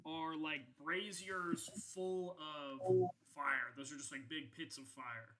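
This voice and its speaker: Ein junger Mann, der als Spielleiter locker und ausschweifend eine Tischrollenspiel-Szene erzählt, mit vielen Füllwörtern und Flüchen. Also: male voice, a little high, fairly even intonation, takes it slowly, crowd noise, poor audio. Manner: casual, rambling with many fillers and profanity. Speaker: game master. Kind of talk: narrating a tabletop game.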